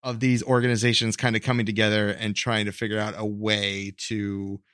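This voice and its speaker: A man's voice: lowish voice, little pitch movement, brisk, a bit bright, no echo, clean studio sound. A man co-hosting a podcast, explaining a history topic in a rambling, hesitant way, full of fillers and self-corrections. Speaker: podcast co-host. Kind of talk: casual explanatory chat.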